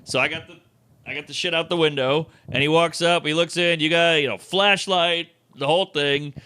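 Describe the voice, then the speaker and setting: Comedian guy spinning a story, bright forceful voice, pretty high, dry sound. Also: normal speed, clear, resonant tone, no room sound. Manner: animated storyteller acting out quoted voices.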